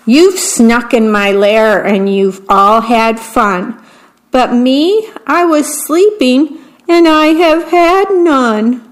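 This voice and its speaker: A sulky, self-pitying big bear from a storybook, his voice climbing high and whiny as he complains, as a woman reading aloud puts him on. He speaks slowly and at an easy volume. It is a read-aloud picture-book voice. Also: animated. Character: big grumpy sleepy male bear, whiny.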